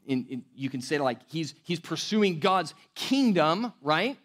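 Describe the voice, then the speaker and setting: Male pastor, high-pitched, relaxed conversational preaching with light laughs and restarts. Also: unhurried. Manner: conversational, laughing asides, repeats words. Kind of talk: sermon.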